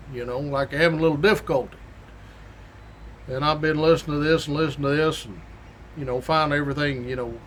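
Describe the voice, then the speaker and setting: A middle-aged man, a state police sergeant with a weekly show, spins casual stories in a drawling, folksy manner and laughs through them. His voice is fairly high and bright, with a slight hiss or hum in the background.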